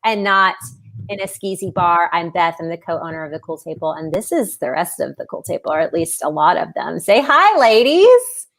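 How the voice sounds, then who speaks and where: A woman's voice: on the low side, fairly even intonation, fairly quick, vocal fry, fairly bright tone. A woman hosting a casual virtual happy hour, upbeat and chatty as she greets listeners over a video call. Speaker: host, co-owner of the show.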